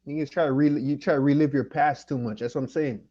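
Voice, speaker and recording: His voice sits fairly high, with fairly even intonation, a mellow quality and a fast pace, on lo-fi sound. The speaker is a Jamaican channel host ranting on a livestream, tipsy from liquor and weed, cursing irritably and repeating himself.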